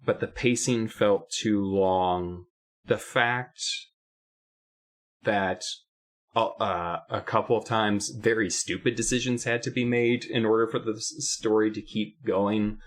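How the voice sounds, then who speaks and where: A man with a fairly low voice talks through a book review in loose, casual chat. He rambles and circles back, pressing his points hard and getting animated as he picks the story apart. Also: unhurried. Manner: rambling, emphatic, animated when complaining. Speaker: podcast co-host.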